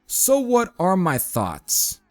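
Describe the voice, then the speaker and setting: A man talks through a metal album review in a casual, rambling way, calling his listeners folks and stopping for an uh now and then. His voice sits a little high for a man, with faint music playing under it. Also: huge pitch swings, slow pace. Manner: chatty, addresses viewers as folks, frequent fillers.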